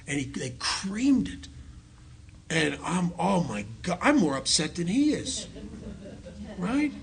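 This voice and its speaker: A man's voice: high voice, big pitch swings, slow pace, vocal fry, husky. A middle-aged man speaking to a recovery group, telling stories conversationally and poking fun at himself, laughing at his own jokes. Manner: self-mocking storyteller who laughs at his own jokes; conversational, full of restarts and asides to the audience. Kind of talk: talk to a recovery audience.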